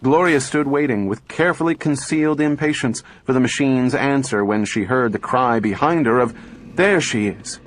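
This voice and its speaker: A man narrating an audiobook in a calm, measured storytelling manner. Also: medium pitch, slight background noise. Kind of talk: scripted narration.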